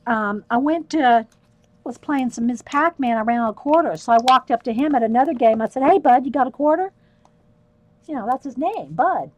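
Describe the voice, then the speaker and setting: A woman's voice: on the high side, brisk, dull audio. A middle-aged woman telling rambling stories while painting on a livestream, often breaking into laughter. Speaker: art livestreamer. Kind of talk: chatty storytelling while painting.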